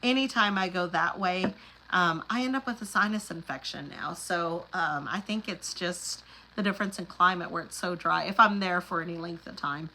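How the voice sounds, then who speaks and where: A woman's voice: on the low side, normal speed, sharp tone, slight background noise, rough recording. A middle-aged woman, chatting casually on a livestream and reading out viewer comments. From Oklahoma Panhandle. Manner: chatty, laughs often, rambling asides. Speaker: livestream host.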